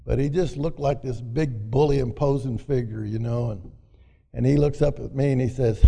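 An older Southern man from Arkansas tells a personal recovery story in a folksy, rambling way, full of "you know." His voice is gravelly, and it carries through a big hall with a long echo. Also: medium pitch, normal speed, mellow. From Arkansas, USA. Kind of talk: personal testimony talk. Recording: echoey hall, mic at a distance.

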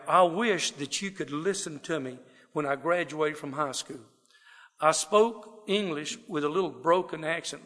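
In a wooden building before a gathered audience, a man from South Texas shares his personal testimony in a Southern drawl. His voice is on the high side, creaky and fairly bright, with a long reverb tail, and his storytelling rambles folksily, full of fillers.

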